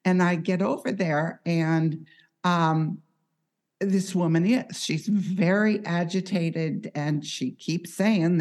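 A woman with a notably low voice talks slowly and deliberately. She works as an on-call hospice healthcare professional and tells stories from her work in a measured, reflective way. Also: steady tone, darkish tone. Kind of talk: conversational storytelling.

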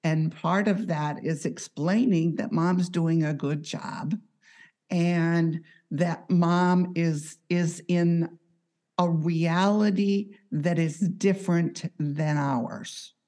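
A woman who works as an on-call hospice healthcare professional, speaking in a measured, reflective way and telling stories from her work. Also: lowish voice, steady tone, warm tone. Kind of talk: conversational storytelling.

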